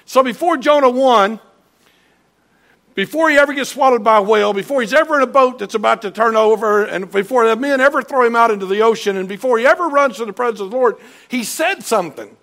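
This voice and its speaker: A man preaching a sermon in a church, animated, acting out voices and shouting at peaks. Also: extremely high pitch, fast talker. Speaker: pastor. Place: church sanctuary.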